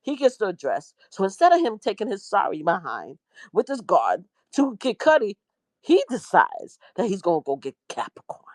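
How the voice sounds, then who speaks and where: A middle-aged woman, a media personality, casually breaking down a trial story in a slangy, animated way and jumping into high voices for the quotes. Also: moderate pace, no echo.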